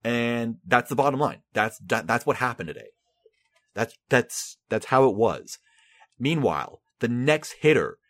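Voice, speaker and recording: A man hosting a solo sports podcast, talking animatedly, often restarting and repeating himself. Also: medium pitch. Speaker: podcast host.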